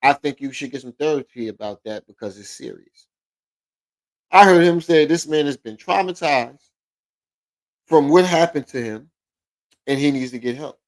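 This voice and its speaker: A man's voice: fairly high pitch, lively intonation, normal speed, long pauses, low-quality recording. A man hosting a stream, giving profane, sarcastic reaction commentary. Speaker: streamer host.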